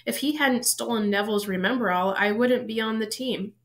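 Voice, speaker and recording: A woman's voice: fairly high pitch, fairly quick, natural voice. A woman voicing a polite young boy wizard, gleeful and holding back laughter.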